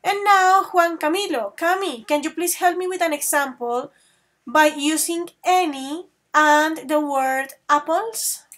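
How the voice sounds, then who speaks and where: A woman English teacher giving an online grammar class, switching between English and Spanish, calling her students affectionate pet names and reading example sentences slowly. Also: sits high, a bit bright. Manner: slow, drawn-out model sentences.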